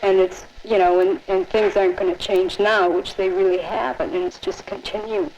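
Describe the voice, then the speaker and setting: A woman explaining things calmly in a documentary interview. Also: mid-range voice, moderate pace, vocal fry, a little hiss or hum. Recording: dull lo-fi 1960s film sound.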